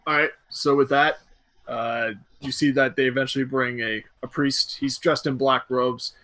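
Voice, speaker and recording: A man narrating a tabletop game as game master in a casual, relaxed way. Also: mid-range voice, normal speed, no echo.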